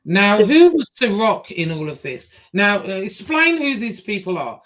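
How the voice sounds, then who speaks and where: A woman hosting a livestream, talking in a halting way with many pauses and fillers as she reads messages aloud. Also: medium pitch, very animated, a bit bright. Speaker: show host. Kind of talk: livestream interview.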